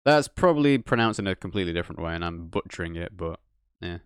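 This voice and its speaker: A man chatting through a story game as a let's play host, drifting into musing asides. His voice swings widely in pitch, rising and falling as he thinks aloud. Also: expressive, fast, clean tone, no room sound, studio quality. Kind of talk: casual gameplay commentary.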